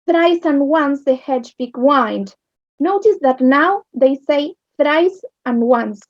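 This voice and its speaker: A woman with an Argentine accent teaching English literature, explaining slowly and checking understanding with "yes?". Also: high voice, lively intonation, no room sound. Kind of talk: recorded online lesson. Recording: dull lo-fi sound.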